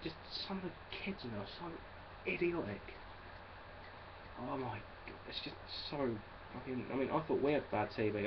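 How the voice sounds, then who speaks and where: A man's voice: medium pitch, muffled recording, a little hiss or hum. A young man with an English accent ranting in a rambling, exasperated monologue and swearing freely. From England. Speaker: vlogger.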